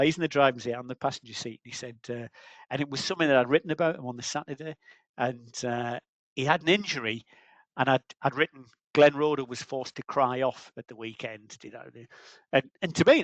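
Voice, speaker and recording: A man's voice: medium pitch, a little fast, a bit bright, no room sound, rough recording. A man in his fifties, a football journalist, telling an old anecdote in a rambling way with many restarts. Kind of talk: anecdotal storytelling.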